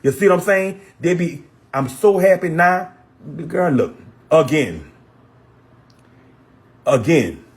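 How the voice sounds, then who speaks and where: Husky-voiced man in a heated rant. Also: on the high side, lively intonation, takes it slowly, pauses often. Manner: repetitive, blunt, profane. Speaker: social media personality.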